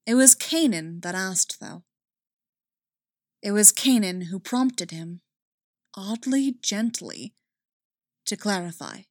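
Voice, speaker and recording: A woman reads a story aloud in a measured, expressive way, her voice at a middling pitch. The recording is dry and close, with no room around it. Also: no room sound. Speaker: narrator. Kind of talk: audiobook narration of fan fiction.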